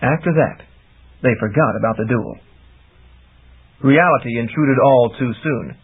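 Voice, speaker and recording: A man narrating a fantasy audiobook in a lively, expressive reading, heard over tinny phone-like audio. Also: medium pitch, measured pace, husky.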